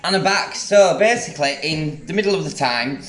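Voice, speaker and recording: A man's voice: fairly high pitch, moderate pace, fairly bright tone, roomy sound, slight background noise. A man chatting casually through a home cooking vlog, rambling and enthusiastic about food. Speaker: home cook. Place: home kitchen.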